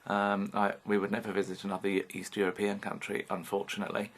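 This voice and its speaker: In a lowish, monotone voice at a quick pace, a fifty-something British man delivers a rambling, candid vlog monologue. Casual swearing runs through his talk.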